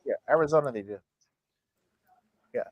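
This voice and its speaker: A man's voice: mid-range voice, normal speed, lo-fi sound, over a noisy crowd. A man in a casual group chat on a video call, teasing and ribbing the others playfully.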